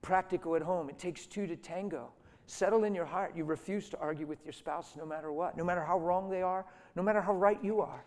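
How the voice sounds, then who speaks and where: A middle-aged man preaching a sermon through stories, dropping to hushed tones and then rising to loud, emphatic lines. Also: high voice, a little fast. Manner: storytelling, swings from soft and hushed to loud and emphatic. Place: church hall. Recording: reverberant hall.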